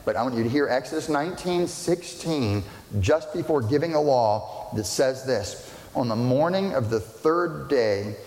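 A male pastor preaching with emphasis, repeating words and firing questions at the congregation. His voice sits at an ordinary middle pitch. It carries through a large church hall that rings with long reverb. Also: animated, a little slow, darkish tone. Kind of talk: sermon. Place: church sanctuary.

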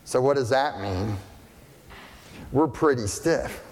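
A man preaching a sermon as pastor, deliberate and questioning, often checking that listeners follow. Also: medium pitch, animated, a little hiss or hum. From family partly German and partly English. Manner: slow, deliberate, asks the congregation questions. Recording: long hall reverb.

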